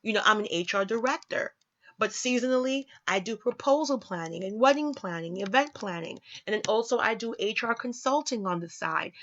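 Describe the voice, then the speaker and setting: A woman vlogger talking casually about money and careers, emphatic and now and then sarcastic, swooping up in pitch to stress a point. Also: expressive, a little fast, a bit bright, highs cut off, slight background noise. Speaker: vlogger teaching personal finance. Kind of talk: casual talk reading from websites.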